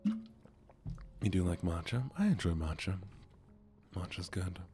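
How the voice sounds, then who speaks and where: A man streaming a game in a soft-spoken way, chatting with his viewers in a relaxed manner. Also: deep voice, slow pace, faint music behind.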